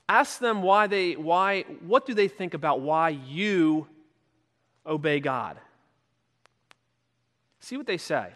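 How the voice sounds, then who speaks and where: A male pastor with a high voice preaches to his congregation, his words ringing with the long reverb of a church sanctuary. He keeps it conversational, then breaks into loud shouted voices when acting out stories. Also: expressive, slow, long pauses. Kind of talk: sermon.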